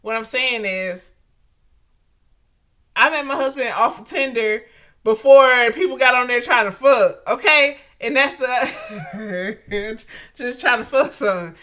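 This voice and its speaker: A woman co-hosts a casual podcast in a bright, fairly high voice. She talks in an animated, slangy way and teases her partner as she goes. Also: takes it slowly. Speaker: podcast co-host. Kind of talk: casual chat.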